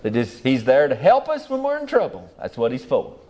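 A man's voice: medium pitch, wildly swooping pitch, a little fast, dark tone. An older man, preaching a sermon in a folksy, rambling way with rural grammar.

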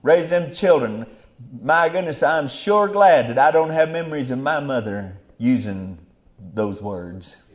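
A middle-aged man preaching a fiery Bible sermon. He drops to low murmurs, then bursts into loud exclamations. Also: animated, a little slow.

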